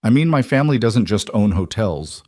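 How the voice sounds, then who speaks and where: Man playing a cold, quiet crime boss. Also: lowish voice, moderate pace, dry recording, studio quality. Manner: quiet, terse, flat replies.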